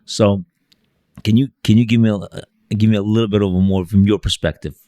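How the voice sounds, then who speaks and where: Host: man with a very low voice, dry close sound, rambling and hesitant questioning. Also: fairly even intonation, brisk, mellow, dry recording. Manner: rambling questions with many restarts and fillers. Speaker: podcast host. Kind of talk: podcast interview.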